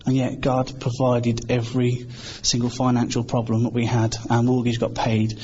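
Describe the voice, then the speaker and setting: A British preacher gives an informal, earnest sermon in a conversational style, now and then acting out quoted voices. His medium-pitched voice is mellow, with a completely flat delivery at a moderate pace. The recording is slightly dull with a faint background hiss.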